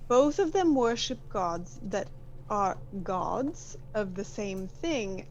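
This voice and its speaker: A woman's voice: medium pitch, a little mellow, slight background noise, poor audio. A woman playing in a tabletop game, wry and chatty, explaining things to the group. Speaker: player. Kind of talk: casual tabletop play.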